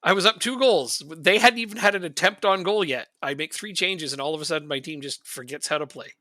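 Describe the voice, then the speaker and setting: A man's voice: a little high, fast talker, bright, forceful tone, no room sound, clean studio sound. A man streaming a game, chatting casually and venting his frustration with frequent laughs. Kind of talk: casual gaming chat.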